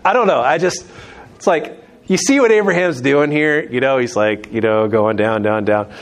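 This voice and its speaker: A man's voice: mid-range voice, normal speed. A man leading a conversational Bible teaching, chatty, with joking asides and restarts.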